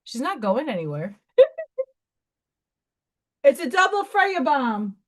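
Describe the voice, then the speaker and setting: Woman hosting a craft stream from home, high bouncy voice, unhurried, chatty with frequent laughs. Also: sing-song. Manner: chatty, laughs often, coos baby talk at her cat. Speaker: craft livestream host. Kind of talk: casual live-stream chat.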